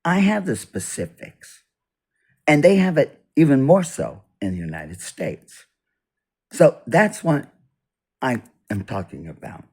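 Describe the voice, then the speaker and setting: Slow, lively-pitched man talking politics. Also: husky. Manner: halting, repeats and restarts, swings loud and soft. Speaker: video blogger. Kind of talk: unscripted political monologue. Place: indoors, US east coast.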